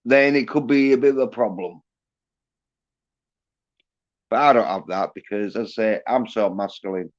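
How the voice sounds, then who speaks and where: A man's voice: mid-range voice, darkish tone, lo-fi sound. A man hosting a livestream, ranting in a rambling, boastful way with constant swearing. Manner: profane, boastful, laughs at own jokes. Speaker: livestream host.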